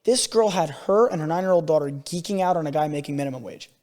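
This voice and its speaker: A man's voice: fairly high pitch, fast, darkish tone, long reverb tail. A man co-hosting a podcast, telling stories animatedly and swearing freely in casual chat. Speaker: podcast co-host.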